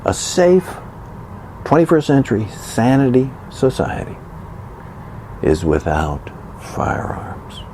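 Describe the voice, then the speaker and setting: A man rants in a loose, conversational monologue, sarcastic and indignant as he mocks the other side with gasps and sighs. His voice leaps up and down through a lively range, with a mellow, darker tone. He hammers points home by repeating short phrases. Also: lowish voice, a little slow, vocal fry, slight background noise. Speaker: commentator. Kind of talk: political opinion rant monologue.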